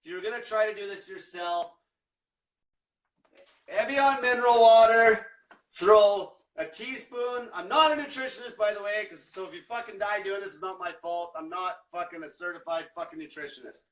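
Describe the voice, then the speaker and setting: A diet coach delivers a blunt, combative, profanity-laden rant to motivate his viewers. His voice sits high and moves at a moderate pace, recorded far from the mic in an echoey room.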